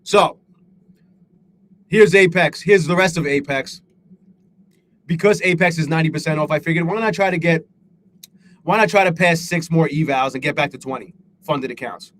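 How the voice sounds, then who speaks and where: A man's voice: on the high side, moderate pace, long pauses, a bit bright, slight background noise. A man hosting a live trading stream, rambling and swearing, hard on himself, greeting chatters by name. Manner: profane, self-critical, rambling; reads out chat names. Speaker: livestream host.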